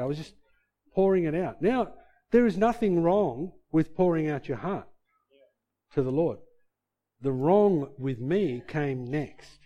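A male preacher delivering a sermon with a mellow, warm tone and a slightly raised pitch. He shifts between loud, emphatic passages and quiet, low asides. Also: lively intonation, unhurried, pauses often.

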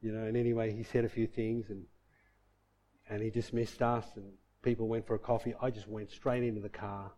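A man's voice: on the low side, level tone, brisk, warm tone. Earnest man telling his faith testimony. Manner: earnest and emotional, with frequent "like" and "you know" and reenacted quotes. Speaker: speaker sharing a personal faith testimony. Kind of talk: personal testimony storytelling.

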